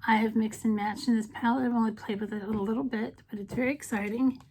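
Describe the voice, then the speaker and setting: A middle-aged woman talks through a casual makeup vlog in a slightly high voice. She is chatty and playful and now and then breaks into goofy sing-song bits. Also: fairly even intonation, quick pace, darkish tone, slight background noise. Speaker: beauty vlogger.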